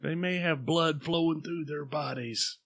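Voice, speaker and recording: A man's voice: fairly high pitch, a little slow, creaky, a bit bright. A man co-hosting a podcast, teasing his partner and giggling through casual banter. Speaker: podcast co-host.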